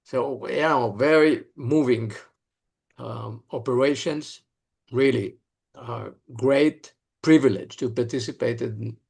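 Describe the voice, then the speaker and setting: An older man with an Israeli accent, an interview guest telling stories in earnest, halting English. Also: mid-range voice, creaky, darkish tone, husky. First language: Hebrew. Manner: earnest, halting, broken phrasing. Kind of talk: storytelling in an interview.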